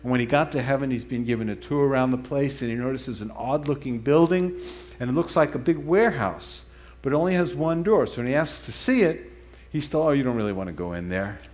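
A man preaching a conversational sermon, animated and digressive, often correcting himself mid-sentence. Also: medium pitch, brisk.

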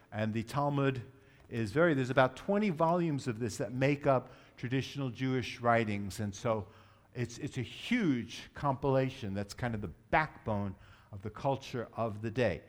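A man giving a Messianic teaching, explaining terms patiently and leading the group to repeat words. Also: medium pitch. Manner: explanatory, leads group repetition, self-correcting. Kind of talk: teaching sermon.

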